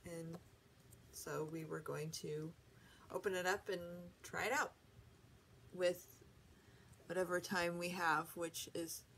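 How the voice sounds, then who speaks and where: A woman's voice: lowish voice, steady tone, slow pace, vocal fry, long pauses, fairly bright tone, slight background noise. A woman hosting a home video, chatting casually and correcting herself as she unboxes a gadget. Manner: chatty, rambling, self-correcting. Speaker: vlog host.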